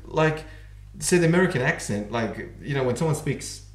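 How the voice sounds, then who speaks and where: A man's voice: medium pitch, animated. Rambling man in an echoey room. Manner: rambling, restarts often, fast and slurred by his own account. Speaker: podcast host. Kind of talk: casual chat. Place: room at home.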